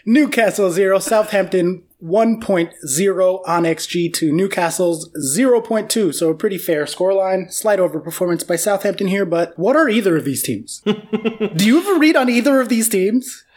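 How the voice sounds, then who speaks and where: An American podcast host rants fast in a casual football chat, swearing freely and filling his speech with "like." His mid-range voice is a little mellow, with lively intonation.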